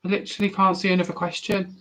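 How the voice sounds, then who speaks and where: Chatty young man, higher voice. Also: poor audio. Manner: rambling, animated, quick to restart sentences. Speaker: streamer answering viewer questions. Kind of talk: casual live chat.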